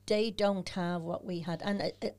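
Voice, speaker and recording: A woman's voice: fairly low pitch, fairly even intonation, normal speed, a little mellow. An older Dublin woman, a podcast guest, speaking frankly and telling her stories with animation. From Ireland. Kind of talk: casual podcast conversation.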